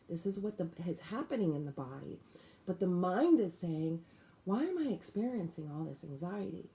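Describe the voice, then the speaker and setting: Slow, mellow-voiced woman guiding breathing. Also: lowish voice. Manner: calm, deliberate instruction. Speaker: breathwork teacher. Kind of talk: guided breathing lesson.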